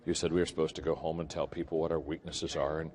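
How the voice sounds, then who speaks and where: A man putting on the voice of a secretive male CEO who speaks in a low, hushed whisper. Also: little pitch movement, rapid-fire. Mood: hushed, insistent.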